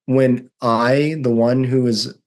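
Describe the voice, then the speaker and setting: A man's voice: medium pitch, little pitch movement, takes it slowly. A man in his thirties, a guest telling his own story in a candid, earnest and emphatic way. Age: 30s. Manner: earnest and emphatic, reliving strong emotions.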